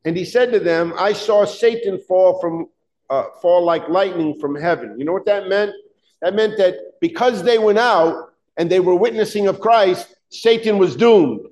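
A man preaching a sermon, emphatic and fervent, often questioning his listeners, with halting restarts and "uh" fillers. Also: high voice, darkish tone, poor audio. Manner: emphatic, rising to fervent peaks, asks the congregation questions.

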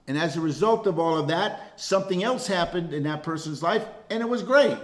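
A man leading a relaxed Bible study. His voice sits a little higher than most men's, and he speaks with plain conviction, often stumbling over and repeating a word before pressing on. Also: fairly quick, hardly any pauses. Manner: earnest, repeats words when thinking. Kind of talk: casual Bible class teaching.

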